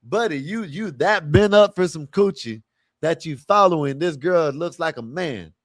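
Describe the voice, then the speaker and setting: A man hosting a livestream reacts to a video clip with blunt, profane commentary and rhetorical questions, keeping it casual. His voice is a little high with lively intonation and a moderate pace, recorded dry at studio quality.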